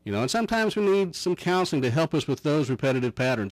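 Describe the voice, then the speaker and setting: A middle-aged man, a counselor, talking in a folksy, measured way and telling anecdotes. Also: fairly high pitch, sing-song, dry recording, poor audio. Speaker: counselor guest. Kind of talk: casual chat.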